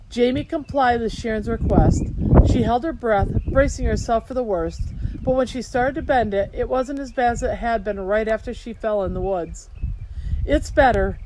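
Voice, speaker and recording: A woman reading a children's novel aloud in steady storytelling narration. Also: fairly high pitch. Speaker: audiobook narrator. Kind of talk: scripted narration. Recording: hiss behind voice.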